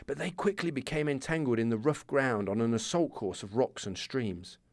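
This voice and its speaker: Male history podcast host, scripted storytelling, close dry mic, mid pitch. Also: moderate pace, no echo. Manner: storytelling with casual asides.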